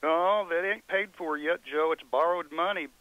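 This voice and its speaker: A man from Oklahoma calling in to a radio show, plainspoken and steady. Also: a little high, moderate pace, no room sound. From Oklahoma, USA. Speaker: caller. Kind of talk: phone-in radio call. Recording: dull lo-fi phone line, dry.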